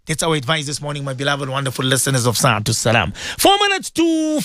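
A man hosting a morning radio show, giving religious advice in a preachy, animated way, repeating phrases for emphasis. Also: fairly high pitch, fast, hardly any pauses, no echo, clean studio sound. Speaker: radio presenter. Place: radio studio.

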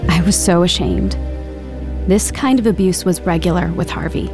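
A woman narrates as an adult looking back on a painful childhood, in an earnest, reflective radio-drama voice. Clear music plays beneath her words. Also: on the low side, normal speed, close to an everyday voice. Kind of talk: dramatized first-person narration. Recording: narration over background music.

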